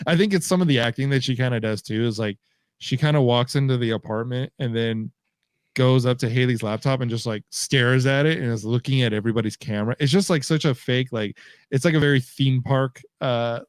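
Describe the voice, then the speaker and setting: A man's voice: medium pitch, brisk, smooth, no room sound. Easygoing man in a dry recording. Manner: loose, filler-heavy, says "you know what I mean" a lot. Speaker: podcast co-host. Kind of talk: casual film chat.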